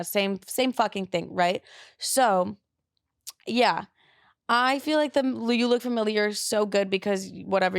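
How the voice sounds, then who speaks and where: A woman's voice: mid-range voice, no echo, studio quality. A young woman hosting a podcast, chatting casually and bluntly, with playful swearing. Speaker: podcast host. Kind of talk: casual chat.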